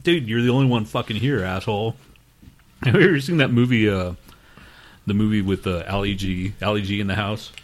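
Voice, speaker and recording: A man's voice: lowish voice, a little fast. A man hosting a podcast in casual chat, crude and joking, swearing often and laughing a lot. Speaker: podcast host.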